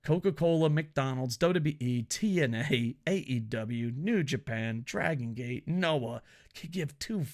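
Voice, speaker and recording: A man's voice: mid-range voice, animated, unhurried, darkish tone. A man giving casual, profane, sarcastic commentary on wrestling news.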